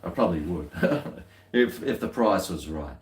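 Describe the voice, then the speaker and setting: A man's voice: low-pitched, lively intonation, measured pace, reverberant. An Australian man chatting casually while tasting beer, rambling along with dry, muttered asides.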